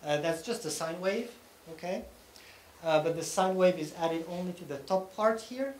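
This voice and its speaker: A man presents at a technical conference, walking through each point step by step and pausing to check that the audience is following. His voice sits somewhat high. The hall around him echoes, with a faint hum of room noise beneath. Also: animated. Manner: explains step by step, often checking in with "okay?". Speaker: conference speaker.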